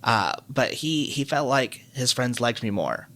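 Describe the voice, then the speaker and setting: A man co-hosting a podcast, chatting casually and telling animated, joking stories. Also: medium pitch, unhurried. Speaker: podcast co-host. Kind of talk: casual chat.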